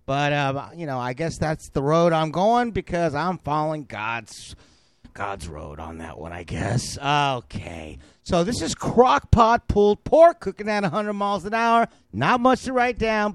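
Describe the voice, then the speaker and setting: Male podcast host, brash and insulting, high voice, dry close sound. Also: clear, resonant tone, dry recording. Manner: loud, mocking, insulting the listeners. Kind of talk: brash comedic cooking podcast chat.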